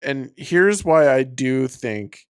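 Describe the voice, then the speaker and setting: A man co-hosts a podcast and chats casually about films in a review, staying laid-back while swearing as he argues his view. His voice is medium-pitched and smooth with lively intonation, and he takes his time.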